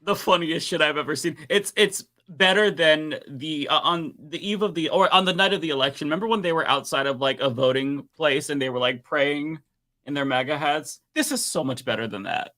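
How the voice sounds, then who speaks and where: A man co-hosting a live political talk stream, excitable and swearing casually as he reacts to clips. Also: a little high, a little fast. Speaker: podcast co-host.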